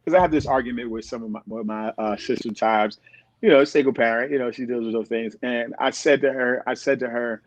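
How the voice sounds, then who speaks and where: A middle-aged man, a podcast guest, tells stories in conversation in a brisk, mid-range voice. He's animated and acts out the voices of people he quotes, on a dull, dry recording.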